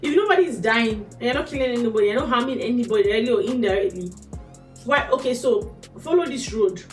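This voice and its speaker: A fairly high-voiced Nigerian woman arguing her points on a podcast, emphatic and full of rhetorical questions. She sounds distant from the mic, in an echoey room with faint music behind her. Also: animated, fast. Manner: emphatic, questioning, repeats "do you understand". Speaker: podcast co-host. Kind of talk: casual podcast chat.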